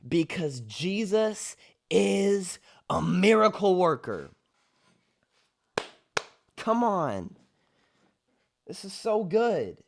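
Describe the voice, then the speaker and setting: A man's voice: high-pitched, big pitch swings, drawn-out words, vocal fry, long pauses, a little hiss or hum. A young adult man, a pastor, giving an enthusiastic, declaring commentary as he reacts to a worship song, repeating his points for emphasis.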